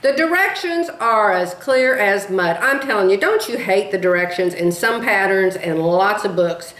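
A woman's voice: mid-range voice, lively intonation, moderate pace, fairly bright tone. A woman in her sixties telling rambling stories in a casual vlog, chatty and drifting off topic, laughing at herself. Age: 60s. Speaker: beading vlogger. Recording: echoey room.

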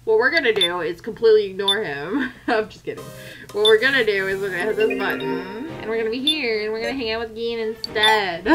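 A woman's voice: medium pitch, fairly quick. A woman game streamer making joking, giggly asides while reading a visual novel aloud. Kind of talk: casual game commentary. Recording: loud background music.

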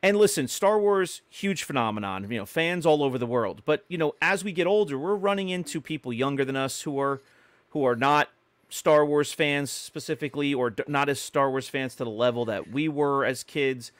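A man's voice: a little high, normal speed, dry recording. A middle-aged man co-hosting a podcast, telling stories in a chatty way with many fillers and restarts. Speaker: podcast co-host. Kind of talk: casual podcast chat.

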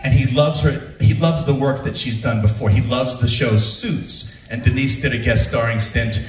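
A male comedian telling stand-up stories in an animated way, often laughing at his own material. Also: medium pitch, moderate pace, soft background music. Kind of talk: stand-up storytelling. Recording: roomy, from far off.

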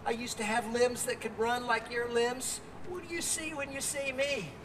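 Croaky frail old lady in a nursing home, high and hushed, as a preacher puts her on, heard from afar with reverb. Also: fairly even intonation, normal speed, far from the mic, noisy background, lightly acted. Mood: wistful.

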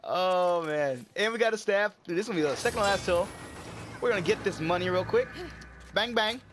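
A man giving casual gameplay commentary, excitable and swearing often, yelping when he comes under fire. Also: high-pitched, a little fast, background noise. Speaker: gamer. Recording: game gunfire loud under the voice. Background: gunfire and explosions from the game.

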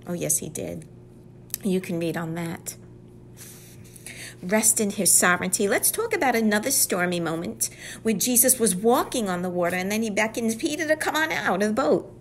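A woman's voice: medium pitch, a little hiss or hum. A woman giving a devotional Bible teaching. She speaks earnestly and often drops to a whisper for emphasis.

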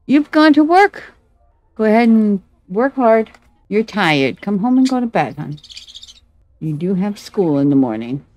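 A woman's voice: medium pitch, lively intonation, measured pace, darkish tone, slight background noise, low-quality recording. A woman giving casual commentary over her gameplay, talking to her game characters like a fussing mom. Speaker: gameplay video creator.

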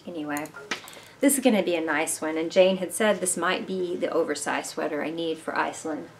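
Knitting vlogger lady, lowish voice, chatty and rambly, talks to viewers, bit of room hiss. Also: a little fast. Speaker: knitting podcast host. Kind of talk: casual chat to camera. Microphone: camera mic, moving handheld camera.

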